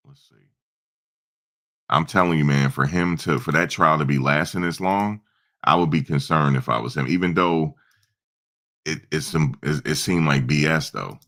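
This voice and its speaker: Brief: man, very low and gravelly voice, easygoing livestream host telling stories. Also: fairly bright tone. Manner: loose, storytelling, imitates his mother and himself in quotes. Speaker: show host. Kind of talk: casual livestream talk.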